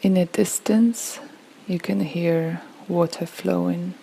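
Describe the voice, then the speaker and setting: A woman leading a guided relaxation visualization, speaking slowly and soothingly with long pauses. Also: fairly low pitch, fairly even intonation, gravelly, dark tone, a little hiss or hum, low-quality recording. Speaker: yoga and meditation guide.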